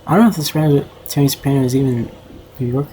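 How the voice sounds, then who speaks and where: A man's voice: mid-range voice, rapid-fire, warm tone, a little hiss or hum, low-quality recording. Rambling young male streamer. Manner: rambling and self-conscious, heavy filler words. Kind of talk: casual livestream commentary.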